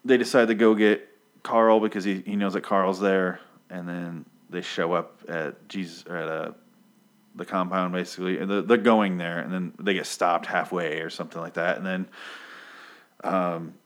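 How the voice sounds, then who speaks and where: A man's voice: low-pitched, steady tone, moderate pace. A young man casually recapping a TV episode off the cuff, rambling, swearing freely and losing track of names. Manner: rambling, profane, loses his place.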